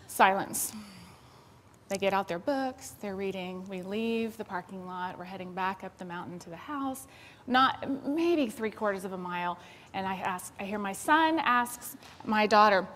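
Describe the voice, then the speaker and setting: A woman from Texas with a Southern accent, in her thirties, telling a lively personal story to an audience. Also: a little high, moderate pace. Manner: animated storyteller, acts out her own panicked voice. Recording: long reverb of a large hall.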